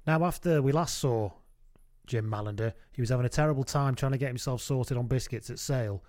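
A man hosting a podcast, telling a comic anecdote in an animated, giggly way. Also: mid-range voice, brisk. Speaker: podcast host.

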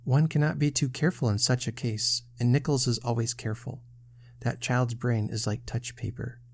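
A man reading the part of a careful family doctor who speaks gravely and evenly. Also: mid-range voice, fairly even intonation, darkish tone, close to an everyday voice. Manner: grave, measured.

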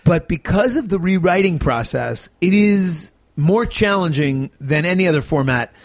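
A man with a slightly high voice talks animatedly about his work in an interview and sounds tired. The sound is dry and close, with no room echo. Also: moderate pace. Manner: animated, chatty storyteller. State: tired, yawning. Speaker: actor and sitcom co-creator. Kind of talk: casual interview talk.

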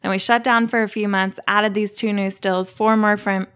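A woman's voice: mid-range voice, level tone, normal speed, fairly bright tone, clear, resonant tone. A woman as a guest on an interview show, talking casually about her work. She explains things in detail, with some fillers along the way. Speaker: distillery guest.

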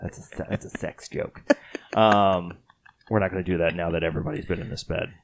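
With vocal fry in his low voice, a Texan man talks fairly quickly in a steady tone. He's a podcast host, tired from a late night, rambling casually and making fun of himself.

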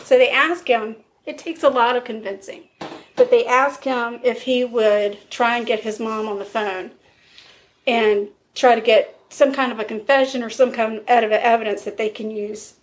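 With a fairly high pitch, fairly even intonation and normal speed, this podcast host recounts a true crime case as casual storytelling. She's chatty, blunt and laughs a lot, and there's a slight hiss or hum in the recording.

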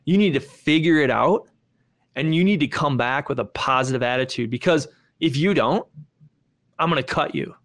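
Man playing a demanding college hockey coach, stern and matter-of-fact, fairly high voice. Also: normal speed, a bit bright, lightly acted.

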